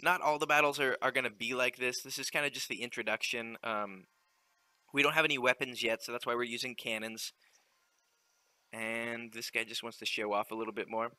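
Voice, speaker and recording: A man giving relaxed, chatty commentary while playing through a video game. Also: mid-range voice, brisk. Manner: relaxed, chatty, explaining as he plays. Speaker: let's play gamer. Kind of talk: casual gameplay commentary.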